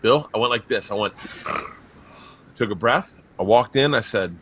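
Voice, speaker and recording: Animated man with a bright voice. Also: mid-range voice, normal speed, pauses often, slightly rough. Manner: animated, profane storytelling. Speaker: comedian, podcast host. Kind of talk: casual podcast chat. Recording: muffled lo-fi audio.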